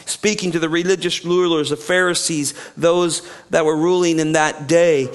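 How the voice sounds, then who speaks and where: High-voiced man preaching a sermon. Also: steady tone, normal speed. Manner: reads scripture aloud then explains it, asking the listeners questions. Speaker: pastor.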